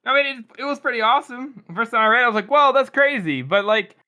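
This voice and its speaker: A man's voice: very high-pitched, racing, pushed and bright, dry recording. A man co-hosting a casual book podcast, rambling and laughing as he talks. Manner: rambling, laughing, lots of fillers. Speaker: podcast co-host.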